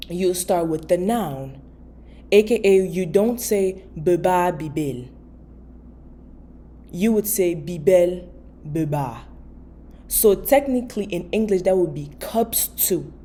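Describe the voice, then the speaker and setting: A woman giving a casual video language lesson, patiently repeating words slowly for learners. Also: fairly low pitch, expressive, mellow. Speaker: language teacher.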